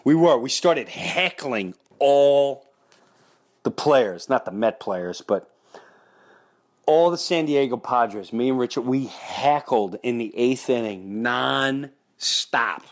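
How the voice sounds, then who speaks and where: A middle-aged man, hosting a podcast and telling a story in an excitable way, breaking into loud impressions. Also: mid-range voice, takes it slowly. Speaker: podcast host. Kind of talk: animated storytelling.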